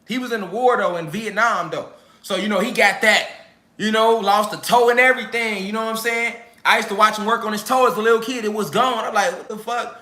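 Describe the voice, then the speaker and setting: A young man with a very high, bright, sharp voice tells a rowdy comic story in heavy slang. He drops into his relatives' voices as he goes, all in lively storytelling mode. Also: reverberant. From Chicago. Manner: animated, slangy, acts out family members. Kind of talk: comedic storytelling.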